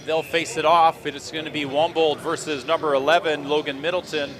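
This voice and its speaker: A man calling hockey play-by-play in a rapid running stream, with dry joking asides between plays. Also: fairly high pitch, little pitch movement, crowd noise. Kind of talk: play-by-play sports commentary.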